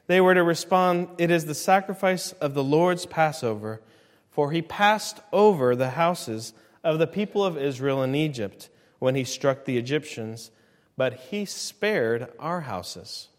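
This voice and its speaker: Man, thirties, pastor, sermon, dynamic preaching, slightly high voice, reverberant church hall. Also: expressive, measured pace. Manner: dynamic preaching, rising loud on climaxes and dropping low.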